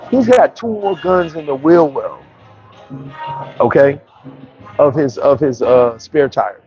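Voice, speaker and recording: A man telling a story in a casual, animated, slangy way and often restarting his sentences. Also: on the high side, takes it slowly, pauses often, muffled recording, soft background music. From New York. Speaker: vlogger.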